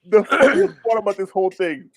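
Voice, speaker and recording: A man's voice: sits high, sing-song, crowd noise. A man co-hosting a sports podcast, playful and jokey in casual banter. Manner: playful, jokey, quick to laugh. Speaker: podcast co-host.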